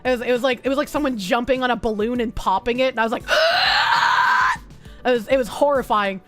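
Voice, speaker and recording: High-voiced Boston woman chatting casually. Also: soft background music. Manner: loose, profane, quick to laugh. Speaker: streamer. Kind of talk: casual chat reading viewer comments.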